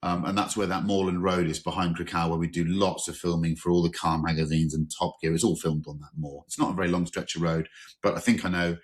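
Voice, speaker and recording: A middle-aged man from England leans back and chats on a podcast, his voice sitting a little low. He tells his stories with easy enthusiasm and keeps the talk rolling as host. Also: flat delivery, fast. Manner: chatty, enthusiastic, tells anecdotes, exaggerated quoted voices. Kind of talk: casual chat.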